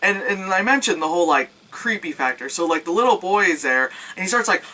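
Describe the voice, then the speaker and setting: Animated, bright-voiced woman reviewer. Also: lowish voice, brisk, rough recording. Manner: animated, sarcastic, swears freely, acts out scenes with yelps. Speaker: movie reviewer. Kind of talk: casual profane movie recap.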